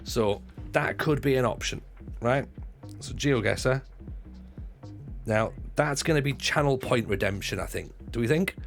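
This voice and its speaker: A livestreamer who was once a stand-up comedian banters casually with his audience, swearing a lot and restarting his sentences. He speaks a little slowly in a mid-range voice, and faint music plays in the background.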